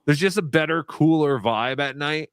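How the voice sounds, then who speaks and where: A man's voice: a little high, normal speed, smooth, no room sound, studio quality. A man hosting a casual livestream chat, loose and laughing, swearing freely. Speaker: livestream show host.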